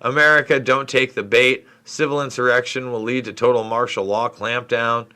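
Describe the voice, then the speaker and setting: A man's voice: mid-range voice, fairly even intonation, normal speed, pushed and bright. A middle-aged man from New York State hosting a live question-and-answer stream, talking in a frustrated, rambling way as he answers viewers' comments. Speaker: livestream host. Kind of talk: live Q&A stream reading chat.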